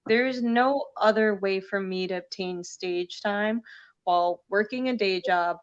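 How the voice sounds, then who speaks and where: A woman's voice: medium pitch, measured pace, smooth, muffled recording. A woman comedian chatting casually as a guest, talking with many fillers. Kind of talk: casual conversation.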